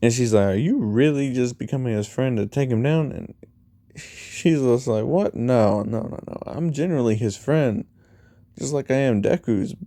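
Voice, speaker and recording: A man's voice: mid-range voice, moderate pace, dark tone, dry recording, clean studio sound. A man casually telling a fan-made story, rambling through it and retelling each line of dialogue with "he's like" and "you know". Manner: rambling, retells dialogue with 'he's like' and 'you know'.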